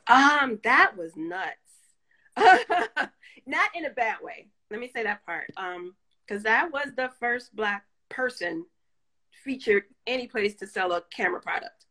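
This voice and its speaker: A woman with a bright, forceful voice speaks as an interview guest, candid and storytelling. She laughs easily between points, her voice sitting a little high. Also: lively intonation, unhurried, low-quality recording. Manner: candid, laughs often, tells stories. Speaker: guest photographer. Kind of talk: casual interview chat.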